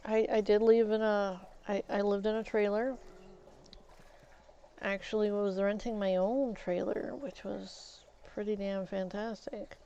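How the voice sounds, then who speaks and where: Woman gaming streamer, candid rambling chat, smooth voice, muffled lo-fi stream mic. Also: medium pitch, flat delivery, unhurried, warm tone. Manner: rambling and candid, with mild swearing. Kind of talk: casual chat while playing a game.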